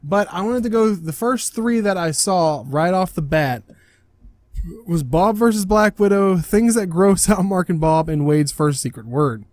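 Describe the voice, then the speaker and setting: A man's voice: sits high, animated, measured pace, darkish tone, no echo. A man introducing a reaction video in a casual, rambling way, correcting himself as he goes.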